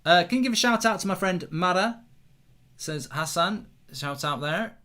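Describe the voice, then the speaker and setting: A man's voice: sits high, animated, normal speed, sharp tone. A middle-aged man hosting a live football watchalong, chatting loosely, reacting to the match as it happens and reading out viewer comments.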